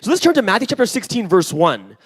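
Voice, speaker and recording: A man in his forties giving a sermon in a church, telling a personal story with lively acted-out dialogue and frequent "right?". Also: high-pitched, fast talker, husky. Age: 40s. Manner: animated storytelling, acts out dialogue, often asks "right?". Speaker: pastor.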